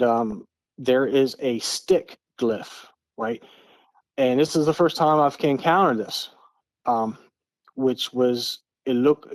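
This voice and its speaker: With a mid-range voice and no echo, a middle-aged podcast guest from Eastern Maryland shares a casual story, earnestly going over the same points and often restarting what he says.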